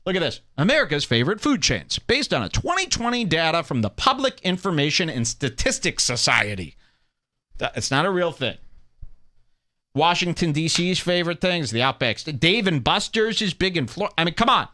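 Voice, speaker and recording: A young man hosting a podcast, ranting sarcastically over clips and mocking people in high put-on voices. He is from Illinois. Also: big pitch swings, a little fast, bright, forceful tone. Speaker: podcast host.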